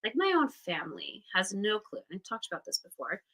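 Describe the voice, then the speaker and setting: Sing-song and fairly quick, a woman with a medium-pitched, fairly bright voice comes through a rough recording. In her thirties and based in Utah, she hosts a casual livestreamed astrology lesson, candid and chatty, swearing and mimicking the voices of those she quotes.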